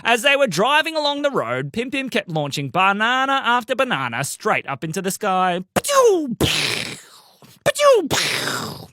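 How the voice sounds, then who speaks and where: A woman narrating a children's story in an animated storytelling manner. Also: mid-range voice, normal speed, hardly any pauses, noisy background.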